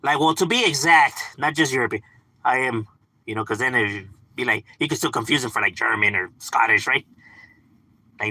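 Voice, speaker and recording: This live streamer speaks at a moderate pace in a medium-pitched voice that sounds pushed and bright. The recording is low quality without echo. He's loose and profane, laughs often, leans on "like" and "you know," and talks back to viewers off-screen.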